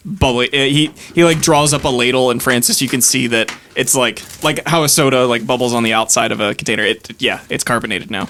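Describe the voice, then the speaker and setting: A man's voice: medium pitch, a little fast, few pauses, sharp tone, slight background noise. A man running a tabletop game as game master, narrating casually and joking loosely with his players. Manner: laughing, loose and jokey.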